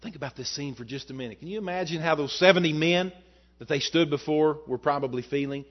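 A male pastor preaching a sermon, asking the congregation rhetorical questions and swinging between loud and soft. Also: fast, dull audio. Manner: rises and falls in pitch and loudness, rhetorical questions.

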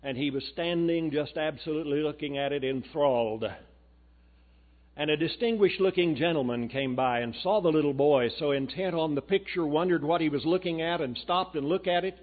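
A man's voice: on the high side, fairly quick. A man giving a sermon as a guest preacher, telling a story in a folksy way and reading quotations aloud. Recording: tinny phone-like recording.

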